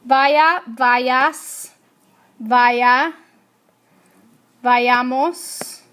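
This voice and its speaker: A woman's voice: high-pitched, steady tone, drawn-out words, fairly bright tone, clear, resonant tone. A woman teaching a Spanish grammar lesson, asking her class questions and answering them herself.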